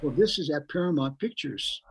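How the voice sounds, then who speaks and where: A man's voice: fairly high pitch, animated, normal speed, vocal fry, breathy edge, rough recording. Rambling older man telling a story. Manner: rambling, repeats words, acts out quoted voices. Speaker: guest musician. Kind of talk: anecdotal storytelling.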